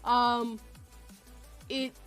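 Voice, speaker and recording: Brief: female host, rambling and laughing easily, slightly high pitch. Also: little pitch movement, very slow, a bit bright, soft background music. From Canada. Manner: giggly, rambling, self-deprecating. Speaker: podcast host. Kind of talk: casual chat.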